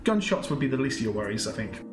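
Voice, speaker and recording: A man's voice: medium pitch, very animated, fast, roomy sound, music in the background. Laughing British man telling a rambling story. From England. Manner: rambling storyteller, laughs often, many restarts. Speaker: podcast co-host. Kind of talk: casual podcast chat.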